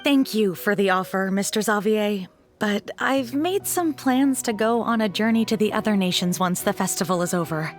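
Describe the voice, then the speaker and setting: A woman's voice: mid-range voice, expressive, moderate pace, soft background music, natural voice. Woman doing a polite gracious lady, mid voice. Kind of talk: video game voice acting.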